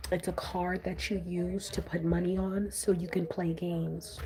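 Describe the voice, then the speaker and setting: Low-voiced exasperated New woman. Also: noisy background. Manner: blunt, exasperated storytelling with frequent sighs. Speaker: vlogger. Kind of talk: casual chat to camera.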